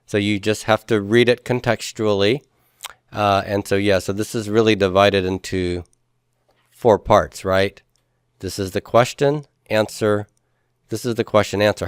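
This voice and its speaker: A man lectures a grammar class in a low, resonant voice. He walks through each point patiently and quizzes the students as he goes. The sound is dry and close. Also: measured pace, clear, resonant tone, no room sound. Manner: patient, explains step by step, asks the class questions. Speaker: Hebrew instructor.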